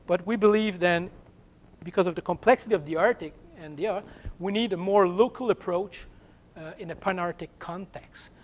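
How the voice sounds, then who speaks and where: A French-accented man, French his first language, delivers an academic seminar talk. His voice sits slightly high for a man, and he often pauses and restarts while searching for English words. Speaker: guest seminar speaker.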